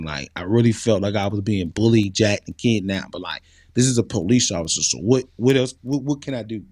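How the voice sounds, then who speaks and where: Low-voiced man, earnest and casual. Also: a little fast, darkish tone, no echo, studio quality. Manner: earnest, conversational, many fillers. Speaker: interview guest. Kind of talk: casual interview talk.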